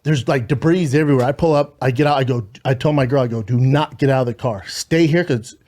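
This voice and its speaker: A man hosting a podcast, retelling a story in an emotional, profane, animated way with acted quotes. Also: mid-range voice, fast. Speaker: podcast host.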